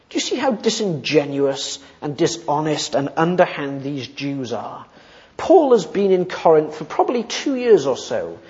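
A man preaching an expository sermon, emphatic and slowing down on key points. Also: fairly high pitch, darkish tone. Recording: muffled sound with long reverb in a hall.

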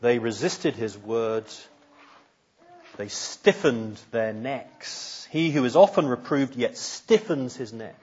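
Slow, husky-voiced male preacher. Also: medium pitch, a little mellow, highs cut off. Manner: slow, earnest, searching questions to listeners. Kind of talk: sermon.

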